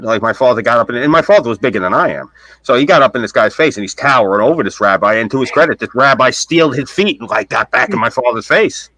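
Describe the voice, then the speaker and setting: A man chatting casually on a live stream, spinning animated stories and acting out the people in them. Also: mid-range voice, fast, low-quality recording. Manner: animated storyteller who acts out the people in his stories. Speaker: guest storyteller.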